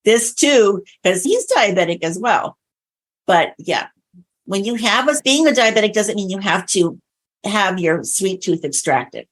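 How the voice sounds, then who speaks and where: Her voice is medium-pitched and a little slow. She's an interview guest who coaches people on diabetes-friendly eating, and she talks conversationally, telling stories with lively retellings.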